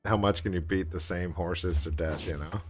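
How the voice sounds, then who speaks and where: A man's voice: low voice, steady tone, normal speed. A man streaming a game, chatting casually in a rambling way with joking asides. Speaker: gaming streamer. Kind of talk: casual chat while gaming.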